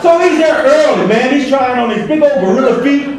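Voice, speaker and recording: A man with a very high voice spins an animated joke for a banquet crowd. He is heard from across a booming, echoey hall, and the crowd murmurs behind him. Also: a little fast. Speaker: banquet speaker. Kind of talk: comic storytelling to a banquet crowd. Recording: echoey hall, mic far off, crowd noise.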